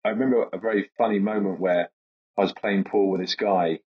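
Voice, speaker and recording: A comedian guest in his thirties, with a fairly low, steady voice and a brisk pace, tells casual anecdotes. He rambles hesitantly and laughs his way through them, captured on dull lo-fi podcast audio.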